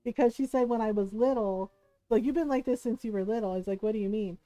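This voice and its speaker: A woman from the Philippines telling personal stories on a live stream, animated, laughing often and acting out what others said. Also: a little high, fast talker, no echo, low-quality recording. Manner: animated, laughs often, acts out quoted voices. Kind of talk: casual storytelling to a live stream.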